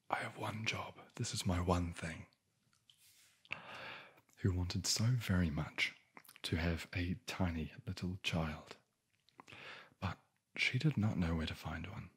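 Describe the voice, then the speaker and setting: A man's voice: sits low, a bit bright, husky. A man telling a bedtime fairy tale in a whispered ASMR style, with dry, sarcastic asides. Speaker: ASMR storyteller.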